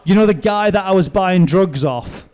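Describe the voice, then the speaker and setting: A young man, telling animated, sweary stories as a guest on a live podcast. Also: sits high, normal speed. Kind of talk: casual live podcast chat.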